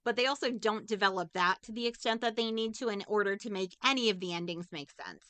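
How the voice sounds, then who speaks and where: A woman's voice: mid-range voice, quick pace, a bit bright, no echo. A woman co-hosting a casual movie review podcast, giving an emotional, rambling recap of a film and swearing often. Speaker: podcast co-host.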